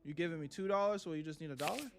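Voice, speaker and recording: A man's voice: a little high, rapid-fire, creaky, slight background noise. A young man streaming a game live, swearing and talking nervously to his chat as he plays. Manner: jittery, swearing, talks to chat. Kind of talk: live gameplay commentary.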